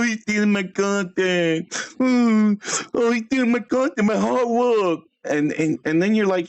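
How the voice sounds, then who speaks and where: Guy ranting on his stream, cussing people out, voice swings up and down a lot. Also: medium pitch. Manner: brash trash-talking, swearing, fast bursts. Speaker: livestream host. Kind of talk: livestream roast rant.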